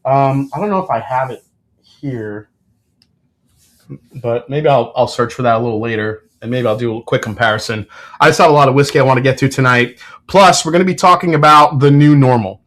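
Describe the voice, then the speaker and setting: A man hosting a casual livestream, talking in a relaxed, rambling way and reading viewer comments aloud, with plenty of fillers and restarts. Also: medium pitch. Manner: frequent fillers and self-corrections. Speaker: whiskey reviewer and channel host.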